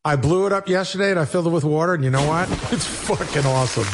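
A man's voice: fairly high pitch, quick pace, background noise. A man on a radio show animatedly telling a self-mocking story, acting out both sides of the conversation. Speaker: radio show regular, producer.

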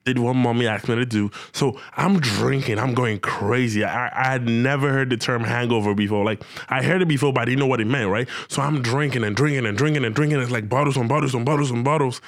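A young man telling a comic personal anecdote in casual slang, animated and acting out his own reactions. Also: mid-range voice, dry recording, studio quality. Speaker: storyteller.

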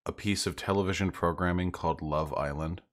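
Deep-voiced American man, crude host. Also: steady tone, brisk. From United States. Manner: crude, joking, swears freely. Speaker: podcast host. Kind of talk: casual podcast chat.

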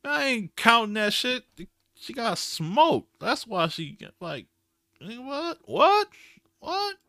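A man hosting a podcast, giving a blunt, slangy, animated recap with frequent restarts. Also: high voice, slow, gravelly, dry recording, clean studio sound. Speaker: podcast host. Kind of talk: casual recap commentary.

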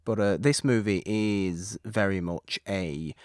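A man with a very deep voice talks through films in a relaxed, meandering way. He stops and restarts his sentences as he thinks. The sound is dry and close, with no room echo. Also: slow. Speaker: podcast co-host. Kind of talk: casual film discussion.

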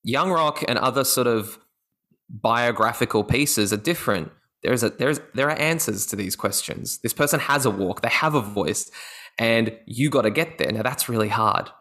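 Man, Australian accent, podcast guest, lively storytelling, frequent laughter. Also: mid-range voice, normal speed. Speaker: guest actor. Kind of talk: casual podcast interview chat.

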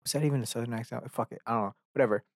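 A young man ranting casually into a podcast mic, swearing freely and rambling through a made-up story. His voice sits at an ordinary middle pitch, and the sound is dry and close. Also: very fast, no echo. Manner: profane, rambling storyteller who acts out characters. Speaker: podcast host. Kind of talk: casual rant.

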